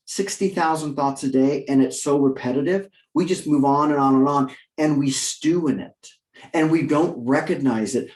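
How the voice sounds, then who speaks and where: A man giving a leadership coaching webinar talk, animated and fond of restarting his sentences. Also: echoey room. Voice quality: animated, with quick jumps in pitch and frequent restarts.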